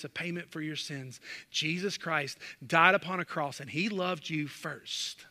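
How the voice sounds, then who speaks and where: A man's voice: high-pitched, pushed and bright. A male pastor preaching a sermon, emphatic and full of rhetorical questions, in a church sanctuary. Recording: long reverb of a large hall.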